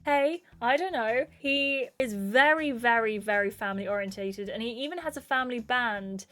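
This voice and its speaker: A woman, a gaming YouTuber, chatting through a casual recap of a video game, with lively asides. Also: fairly high pitch, normal speed. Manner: chatty, exclaiming.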